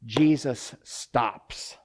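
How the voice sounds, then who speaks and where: A man preaching as a pastor, closing his sermon with a prayer, moving from quiet pleading to loud, urgent calls. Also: medium pitch, drawn-out words.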